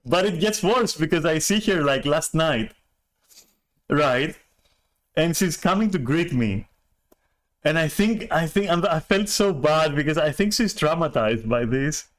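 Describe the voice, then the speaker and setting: A man's voice: fairly high pitch, animated, measured pace. A man telling a story on a stream in a rambling, profane way, full of restarts and chuckles. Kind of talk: casual storytelling rant.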